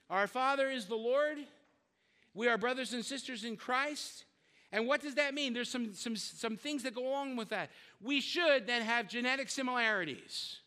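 A man's voice: sits high, sharp tone, in a large hall. An older man preaching a sermon as pastor, talking in a conversational way with joking asides and often repeating words as he searches for them.

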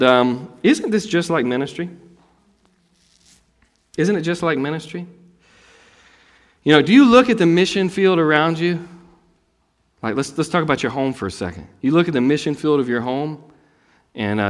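A man from North Carolina preaching a sermon as a pastor, telling stories with swings from loud emphasis to soft asides. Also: mid-range voice, long reverb tail. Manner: animated storytelling, rising loud for emphasis and dropping soft. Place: church sanctuary.

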